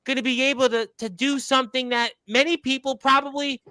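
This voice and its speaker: A man's voice: extremely high pitch, fairly even intonation, brisk, bright, forceful tone, smooth, dry recording, rough recording. A man hosting a wrestling talk show, rambling in a folksy way and often repeating his words. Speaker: radio show host.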